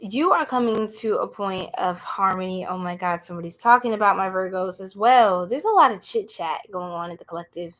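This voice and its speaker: Woman, tarot reader, live stream, slangy, blunt, chatty, average pitch. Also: brisk, hardly any pauses, a bit bright.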